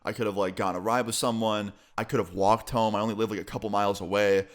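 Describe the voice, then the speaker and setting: A man's voice: fairly low pitch, steady tone, quick pace. A young adult man casually telling a personal story, loose and filler-heavy, with some swearing. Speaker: storyteller vlogger.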